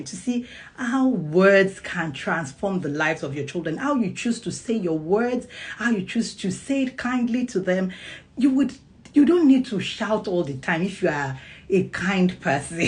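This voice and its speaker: A woman and child psychologist talking casually to camera about parenting, animated and laughing often as she acts out little scenes. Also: medium pitch, measured pace. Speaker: parenting vlogger.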